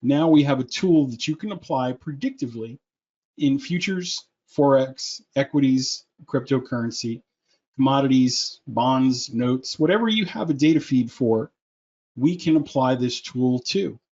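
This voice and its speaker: A man's voice: mid-range voice, a little slow, a little mellow. A man presenting a webinar in a persuasive, salesy way, with joking asides, over a computer mic. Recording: muffled lo-fi audio.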